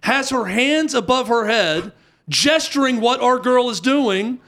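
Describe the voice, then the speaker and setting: A high-pitched man in his thirties tells a long story in a casual chat. He talks in an animated way and jumps up in pitch whenever he acts out the people in it. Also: a little slow. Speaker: youth basketball coach telling a story.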